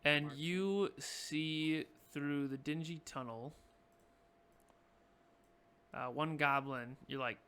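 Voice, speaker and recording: A man's voice: fairly high pitch, slow pace, pauses often, bright, forceful tone, smooth. A man running a tabletop game as dungeon master, narrating in a laid-back way and laughing often.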